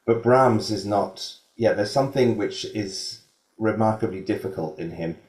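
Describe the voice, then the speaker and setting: A string quartet performer answering a question in a panel discussion, measured and hesitant. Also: male voice, fairly low pitch, darkish tone. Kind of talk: academic discussion. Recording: echoey room.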